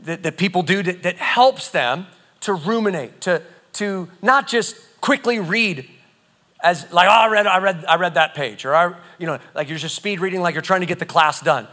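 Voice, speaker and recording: A man preaching a sermon, emphatic and animated, often repeating phrases as he teaches. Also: high-pitched, normal speed. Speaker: pastor.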